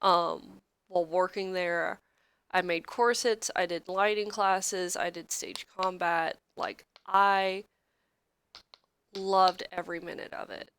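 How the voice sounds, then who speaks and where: A woman's voice: lowish voice, fairly even intonation, slow pace, fairly bright tone, clean tone. A young woman co-hosting a casual podcast, candid and blunt, swearing freely and wandering into asides. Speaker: podcast co-host. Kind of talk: casual chat. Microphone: podcast microphone, streamed live.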